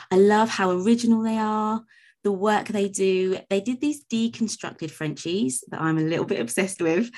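A woman's voice: mid-range voice, darkish tone. A woman hosting a podcast, introducing her guest and chatting in a gushing, enthusiastic way. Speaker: podcast host. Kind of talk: podcast intro and interview chat.

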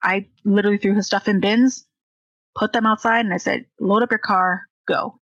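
A woman's voice: mid-range voice, fairly even intonation, normal speed, a bit bright, no room sound, highs cut off. A young woman candidly telling a personal story, acting out the dialogue she quotes.

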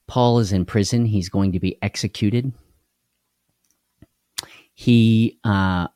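A man's voice: lowish voice, warm tone, no room sound, studio quality. A man hosting a casual live devotional stream, tired and unwell, folksy and chatty, greeting viewers by name and laughing easily. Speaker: devotional livestream host.

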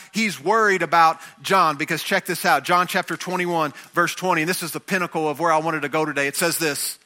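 A man's voice: sits high, pushed and bright. A man preaching a sermon, acting out the voices of figures from scripture as he goes. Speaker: pastor.

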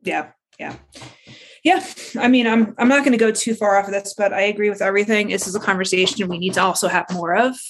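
A woman's voice: medium pitch, steady tone, quick pace. A woman hosting a podcast in casual chat, blunt and profane. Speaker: podcast host.

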